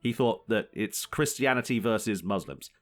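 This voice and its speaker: A man's voice: fairly low pitch, moderate pace. A young man co-hosting a casual podcast chat, ranting with plenty of swearing and frequent laughter. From Britain. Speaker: podcast co-host.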